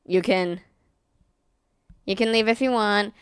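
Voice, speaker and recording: A woman's voice: mid-range voice, takes it slowly, smooth, no echo, studio quality. A young woman streamer chatting casually and rambling, often apologizing and laughing as she explains things. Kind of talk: casual livestream chat.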